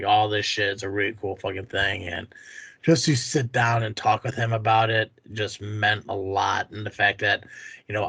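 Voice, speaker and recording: A man's voice: fairly low pitch, gravelly, bright, forceful tone, dry recording. A man hosting a podcast, rambling in casual, profane chat with many fillers. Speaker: podcast host.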